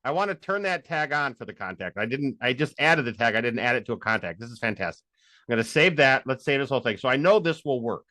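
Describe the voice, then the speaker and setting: A man teaching a live software tutorial, excitable and rambling as he thinks aloud. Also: mid-range voice, fast, no echo. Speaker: instructor.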